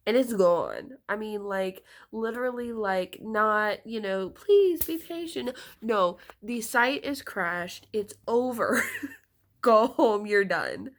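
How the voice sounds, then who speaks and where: A woman chatting through a storytime vlog at an unhurried pace, her voice sitting in an ordinary middle pitch. She rambles, restarts and leans on fillers, and sounds slightly congested from a cold. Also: lively intonation, a bit bright. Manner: rambling with many fillers and nervous laughs. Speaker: storytime vlogger. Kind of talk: casual storytime chat.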